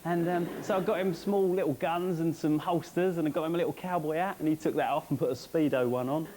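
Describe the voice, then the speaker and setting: A man doing surreal stand-up storytelling on a live comedy stage, rambling and animated. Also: on the high side, fast talker.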